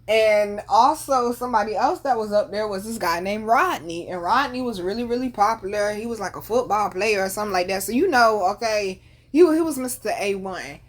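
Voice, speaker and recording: A woman in her thirties hosting a podcast, telling a family story in casual, profane slang and laughing often. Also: medium pitch. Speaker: podcast host.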